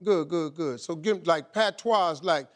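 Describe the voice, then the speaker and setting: A man hosting a talk show, joking and teasing guests in loud comic bursts before a live audience. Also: on the high side, a little slow. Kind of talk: audience Q&A banter. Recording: live studio crowd, background noise.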